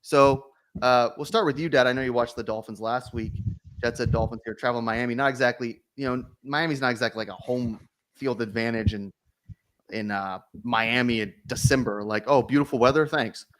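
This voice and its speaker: A man's voice: medium pitch, steady tone, a little fast, a bit bright. A man hosting a casual sports betting chat, easygoing as he runs the round-table. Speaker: host.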